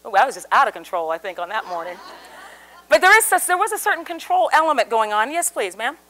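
A woman's voice: on the high side, quick pace, some chatter behind. A woman giving a live seminar talk to an audience, telling a story and acting out the voices in it. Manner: animated storyteller, acts out quoted voices. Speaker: communication speaker.

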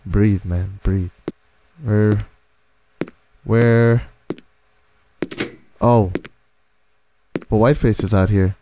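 A man's voice: fairly low pitch, fairly even intonation, drawn-out words, long pauses, warm tone, slight background noise. A man giving nervous horror game commentary, talking to the game's ghost as he plays. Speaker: gaming video creator.

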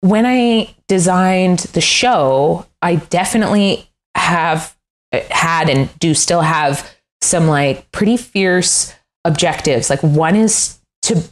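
A woman's voice: fairly low pitch, takes it slowly. A middle-aged woman, a furniture designer, chatting candidly in an interview, self-deprecating and often laughing. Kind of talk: casual interview chat.

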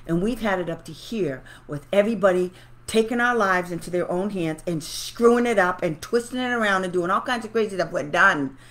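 A woman talking casually to her viewers, ranting indignantly and then pleading with them for help. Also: medium pitch. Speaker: special education advocate and YouTuber. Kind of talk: casual livestream talk to viewers.

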